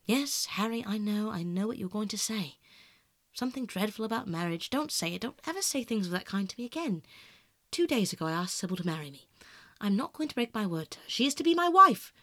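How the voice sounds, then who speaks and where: A man's voice: high voice, very animated, fairly quick, pushed and bright, no room sound, full character voice. A man reading aloud, voicing a passionate, self-absorbed young male aristocrat with earnest, pleading outbursts, in a dry, close sound. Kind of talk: audiobook narration.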